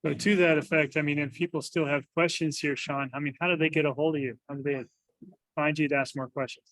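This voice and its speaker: Higher-pitched male podcast host. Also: fairly even intonation, quick pace, fairly bright tone, no echo, rough recording. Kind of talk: interview hosting.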